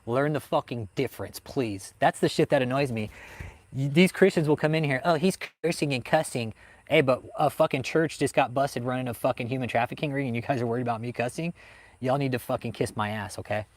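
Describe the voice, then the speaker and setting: A mid-range male voice going a little fast. The speaker hosts a livestream on cults and answers chat in a heated, swear-filled rant.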